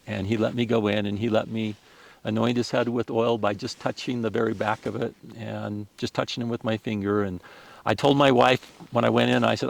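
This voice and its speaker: Male guest, gravelly voice, heartfelt storytelling with restarts. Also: fairly low pitch, normal speed. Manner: earnest, emotional, with frequent restarts. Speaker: podcast guest. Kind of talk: personal storytelling.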